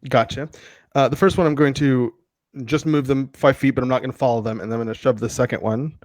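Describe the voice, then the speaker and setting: A man's voice: medium pitch, fairly even intonation, quick pace, darkish tone, no echo, studio quality. A man playing a tabletop game, hesitant with fillers while stating his rolls. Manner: hesitant, many fillers when reading rolls. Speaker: player. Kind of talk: casual tabletop play.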